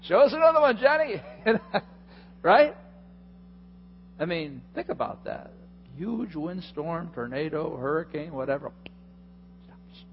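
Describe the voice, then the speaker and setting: A medium-pitched male pastor brings energy to his sermon, telling the story and acting out its people. The recording, made in a hall, is dull and lo-fi with a little hiss or hum.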